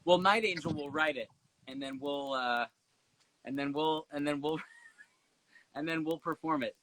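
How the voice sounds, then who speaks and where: A man's voice: a little high, a little slow, a bit bright, poor audio. A young man, a singer guesting on a phone livestream from home, joking and chatting with playful energy. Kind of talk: casual chat. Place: home, indoors.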